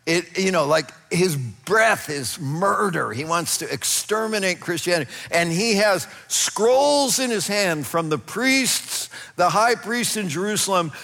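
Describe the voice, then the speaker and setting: Animated preacher in a reverberant hall. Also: male voice, high-pitched, unhurried, vocal fry, few pauses. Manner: animated storytelling with laughs and acted-out voices. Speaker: pastor. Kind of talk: sermon.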